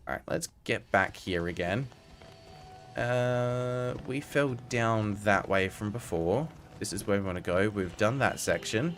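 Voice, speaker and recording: A young man streaming a game, chatting to viewers with wry asides and the odd swear. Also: medium pitch. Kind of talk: casual live-stream gameplay commentary.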